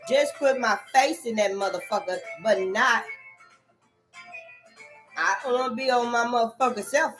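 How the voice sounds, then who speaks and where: A woman with a high, bright voice runs through an erratic rant, swearing over and over. She jumps from sharp shouts down to muttering. Faint music plays behind her. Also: normal speed. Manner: erratic, repetitive, swearing constantly, swinging between shouts and mutters. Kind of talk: profane stream-of-consciousness rant.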